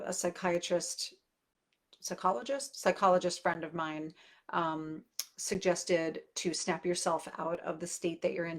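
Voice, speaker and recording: A woman in her forties, a parenting coach, talking candidly and conversationally to her viewers, with many fillers. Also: fairly low pitch. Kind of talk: casual direct-to-camera talk.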